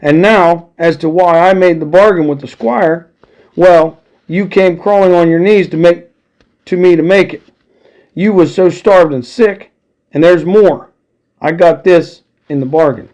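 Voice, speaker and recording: A gruff, crafty pirate captain who blusters at his crew and wheedles in salty sailor talk. A man reads him aloud, his voice sitting a little high. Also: unhurried, darkish tone, muffled recording. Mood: blustering.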